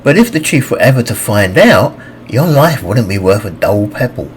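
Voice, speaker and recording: A man's voice: lowish voice, sing-song, moderate pace, a little hiss or hum, low-quality recording. A male narrator voicing a cautious female harpy who weighs the risks aloud.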